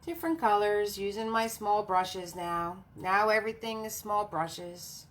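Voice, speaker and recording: A woman hosting a live painting class, chatting warmly with viewers, laughing often and talking through each brushstroke. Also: mid-range voice, a little slow. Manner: friendly, laughs often, narrates each step. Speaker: paint party host and art instructor.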